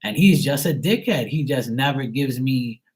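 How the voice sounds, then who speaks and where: A man hosting a live tarot reading who talks in a loose, casual chat and vents bluntly. He swears freely and circles back to the same complaints. His pitch sits in an ordinary middle range. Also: animated, moderate pace, darkish tone. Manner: blunt, profane, venting. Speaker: online tarot reader and host.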